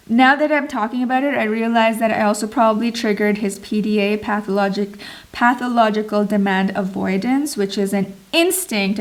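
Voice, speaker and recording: A woman, a mother, telling a personal story in an earnest, expressive vlog, stretching words for emphasis. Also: fairly high pitch. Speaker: mom vlogger.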